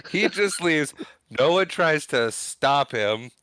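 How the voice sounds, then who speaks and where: A man's voice: a little high, expressive, slow, a bit bright, no room sound. A man co-hosting a podcast, chiming in with short questions and dry remarks in casual film talk. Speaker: podcast co-host.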